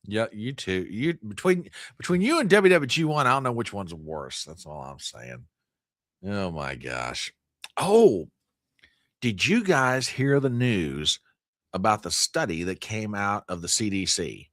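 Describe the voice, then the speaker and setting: A man's voice: on the low side, very animated, measured pace, a bit bright, dry recording, clean studio sound. A man hosting a live news stream, joking with his chat in exaggerated mock outrage. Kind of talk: joking livestream commentary.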